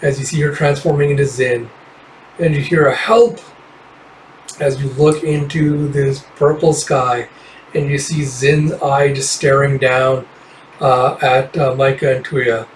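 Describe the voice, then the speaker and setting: A man's voice: mid-range voice, little pitch movement, measured pace, echoey room, far from the mic, slight background noise, rough recording. A man casually reading through a comic book, summarizing panels in a rambling, offhand way with fillers and swearing.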